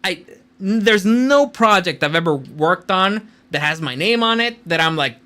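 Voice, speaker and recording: A male host runs a casual commentary show and talks in a blunt, opinionated way, sometimes swearing. His voice is bright and forceful, and it sits a little high. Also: expressive, unhurried.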